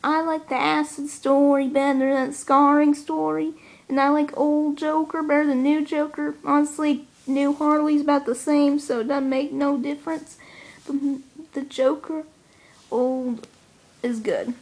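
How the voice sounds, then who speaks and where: A giddy cartoon villain's sidekick, voiced by a young woman with a put-on Jersey-Brooklyn accent. She drawls and overplays each line in a high voice. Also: level tone, a little slow, a little mellow. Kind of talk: amateur character impression.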